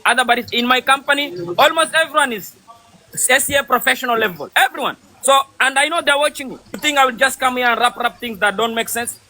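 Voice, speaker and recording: A man's voice: extremely high pitch, fast, pushed and bright. A man, a coffee trainer, arguing insistently in a heated live debate over a video call, repeating his points.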